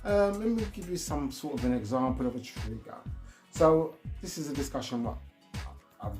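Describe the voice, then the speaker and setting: A man's voice: mid-range voice, expressive, normal speed, a little mellow, faint music behind. A man giving rambling, casual advice on emotional triggers, often restarting his sentences. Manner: rambling, repeats and restarts himself.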